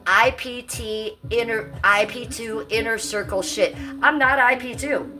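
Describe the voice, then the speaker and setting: A woman's voice: fairly high pitch, measured pace, bright, forceful tone, soft background music. Brash, profane woman in her fifties. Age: 50s. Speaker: livestream host. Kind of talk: casual livestream chat.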